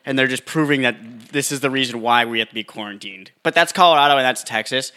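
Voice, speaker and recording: Bright-voiced man rambling with crude jokes. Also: mid-range voice, fast talker, smooth. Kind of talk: casual chat.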